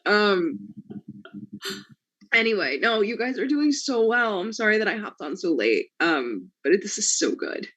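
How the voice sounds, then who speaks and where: A man with a hoarse, failing voice chatting on a video call, rambling and joking at himself. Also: high voice, sing-song, a little slow, fairly bright tone, lo-fi sound. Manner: rambling, self-mocking, trailing restarts. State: hoarse, losing voice. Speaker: cast member on a video call. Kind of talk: casual chat.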